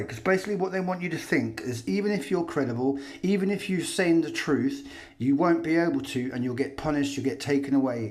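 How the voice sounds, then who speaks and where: A man's voice: medium pitch, darkish tone. Sarcastic man commenting on footage. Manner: sarcastic, mocking. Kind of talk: commentary over protest footage.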